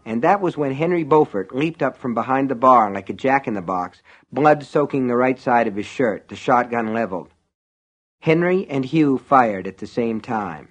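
A man reading an audiobook in measured, vivid narration. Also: mid-range voice. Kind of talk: scripted narration.

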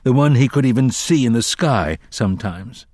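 A man narrating a dark fantasy audiobook in a measured, dramatic reading. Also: mid-range voice, animated, no echo, studio quality. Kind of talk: scripted narration.

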